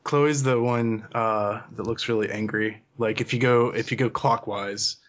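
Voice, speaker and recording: A man talking in a relaxed, hesitant way during a casual online chat with friends. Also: lowish voice, unhurried. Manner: relaxed, laid-back, hesitant with fillers. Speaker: co-host.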